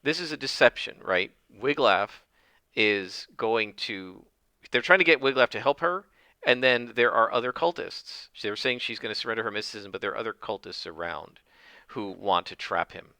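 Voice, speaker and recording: Bright-voiced man narrating a solo game. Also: lowish voice, moderate pace, smooth, dry recording. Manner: thinks aloud, with many fillers.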